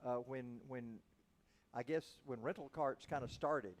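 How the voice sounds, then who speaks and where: A man's voice: medium pitch, unhurried. Chatty older male show host. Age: 70s. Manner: friendly, chatty, laughs often. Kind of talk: casual broadcast chat.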